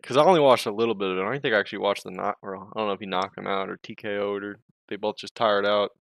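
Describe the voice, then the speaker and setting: A man's voice: fairly low pitch, fairly even intonation, very fast, gravelly, a bit bright. Rambling, scatterbrained male streamer. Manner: scattered, self-interrupting, swears a lot, laughs often. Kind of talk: casual rambling chat.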